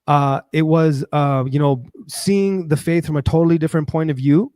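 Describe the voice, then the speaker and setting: A man hosting a show, talking in a casual, rambling personal monologue with frequent restarts and animated bursts. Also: fairly high pitch, normal speed, clean tone, dry recording, studio quality. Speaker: show host.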